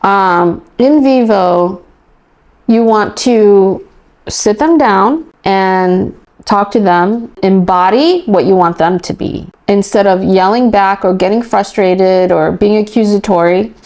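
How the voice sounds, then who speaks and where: A woman parent coach talks on a podcast with plenty of emphasis and enthusiasm. Her pitch sits in an ordinary middle range for a woman. She drops into little acted snippets of parents and kids as she explains. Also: takes it slowly, a little mellow. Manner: emphatic, enthusiastic, acts out parent and child dialogue. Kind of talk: podcast interview answers.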